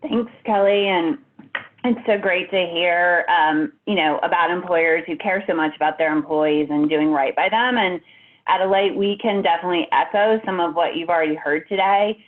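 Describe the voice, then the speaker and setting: A woman's voice: lowish voice, moderate pace. A woman speaking from home as a benefits executive on a webinar, polished but casual with frequent fillers. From United States. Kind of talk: webinar presentation. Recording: tinny phone-like audio.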